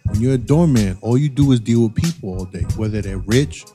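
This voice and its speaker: A man with a mellow, relaxed voice speaks bluntly in casual group talk, complaining about people. Faint music plays underneath. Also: mid-range voice, fairly quick. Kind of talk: casual chat.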